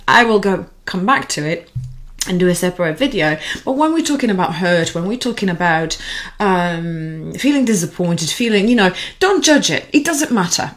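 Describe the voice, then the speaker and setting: A woman talks viewers through handling emotions in an easygoing, animated way. Her pitch swings widely as she explains, with plenty of fillers along the way. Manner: animated, chatty, with frequent fillers. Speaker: emotional wellbeing coach. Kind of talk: casual teaching monologue.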